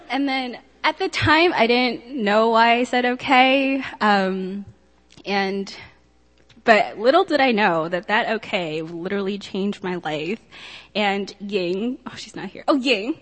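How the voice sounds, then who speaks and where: A woman's voice: mid-range voice, unhurried. A young woman sharing a personal testimony with a church group, chatty and earnest, with lots of ums and likes. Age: young adult. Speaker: student giving a testimony. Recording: long hall reverb.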